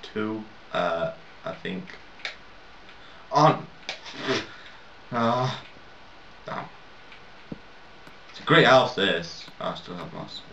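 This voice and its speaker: A man with a fairly low voice rambles through casual gaming commentary, mocking himself and swearing freely. He sounds set back from a dull, lo-fi mic in an echoey room, with a faint hiss underneath. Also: expressive, extremely slow, vocal fry, long pauses, bright, forceful tone. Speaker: gaming video maker. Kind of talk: casual let's-play commentary. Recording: roomy, distant, dull, lo-fi mic.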